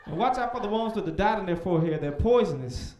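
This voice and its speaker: Young male stand-up, high voice that swings wide, echoey club room. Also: fast talker, slight background noise. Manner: animated, with loud shouted voices for punchlines. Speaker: stand-up comedian. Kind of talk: stand-up comedy set. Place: comedy club stage.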